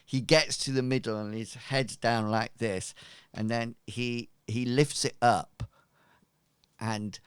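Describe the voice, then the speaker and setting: A man runs a tabletop game online, narrating slowly and casually, pausing often with fillers. His voice sits at an ordinary pitch, recorded close and dry. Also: steady tone, clean tone, dry recording. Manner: casual, halting, many fillers. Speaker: game master.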